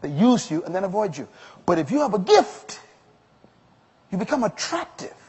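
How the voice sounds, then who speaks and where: A man's voice: high voice, big pitch swings, normal speed, a little mellow, slightly rough. A male pastor delivering an emphatic sermon to a congregation, rising to strong exclamations. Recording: long hall reverb.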